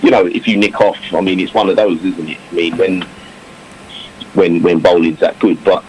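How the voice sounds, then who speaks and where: A former English cricketer chatting in an interview, reflective, with many fillers and restarts. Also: male voice, low-pitched, steady tone, moderate pace, a little mellow, low-quality recording. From England. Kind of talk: casual interview talk. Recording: faint background noise.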